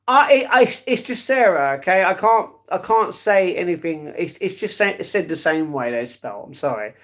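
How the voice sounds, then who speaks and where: High-voiced man chatting on a live stream. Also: animated, normal speed, fairly bright tone. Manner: chatty, calls viewers darling and mate. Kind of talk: casual live-stream chat reading comments.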